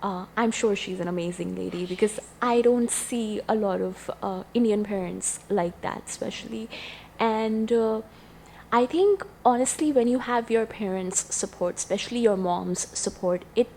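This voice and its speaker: A woman's voice: medium pitch, moderate pace, creaky, darkish tone. Woman podcast host, emphatic, slightly noisy track. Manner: encouraging, emphatic, often adds "right?". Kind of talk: interview questions and reflection.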